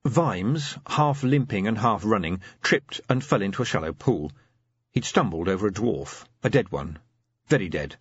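Husky male audiobook narrator, lively delivery, dry and slightly dull recording. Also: lowish voice, moderate pace, dry recording. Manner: lively, expressive storytelling. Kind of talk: scripted narration.

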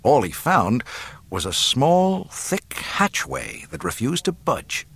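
A man narrating an adventure novel in a measured storytelling manner into a close mic. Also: medium pitch, big pitch swings, fairly bright tone, breathy edge, dry recording. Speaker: audiobook narrator. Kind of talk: scripted narration.

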